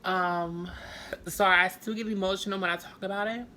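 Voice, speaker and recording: A woman telling a personal story to camera in a rambling, halting way, full of fillers. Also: mid-range voice, fairly even intonation, bright, forceful tone, slight background noise. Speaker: storytime vlogger.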